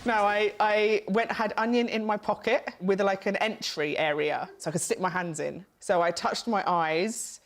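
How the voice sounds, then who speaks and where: A woman's voice: medium pitch, fairly even intonation, normal speed, few pauses. A woman on a comedy panel show, telling a rambling, self-mocking anecdote. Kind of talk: comic storytelling. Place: TV studio.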